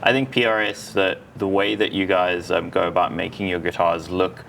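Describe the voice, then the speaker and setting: A man's voice: low-pitched, little pitch movement, moderate pace, vocal fry, fairly bright tone, a little hiss or hum, poor audio. A man from South Africa interviewing a guitar maker, enthusiastic and full of fillers. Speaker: interviewer from a music store. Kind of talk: casual interview chat. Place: trade show floor.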